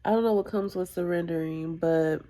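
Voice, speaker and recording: A tearful woman vlogging a personal confession, halting and reflective, with sighs and whispered asides. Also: fairly low pitch, mellow. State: tearful, close to crying.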